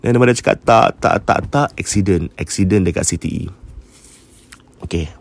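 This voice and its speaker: A man's voice: deep voice, a little fast, creaky, slight background noise. A man with a Malaysian English accent hosting a horror podcast, casually retelling a listener's ghost story and slipping between Malay and English.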